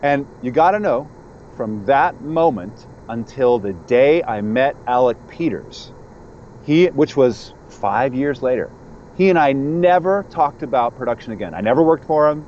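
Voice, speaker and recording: A man, a guest editor and sound designer, telling a lively anecdote in a casual interview and acting out the people in it. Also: medium pitch, measured pace, lo-fi sound, a little hiss or hum. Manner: animated anecdote-teller who acts out the people in his stories.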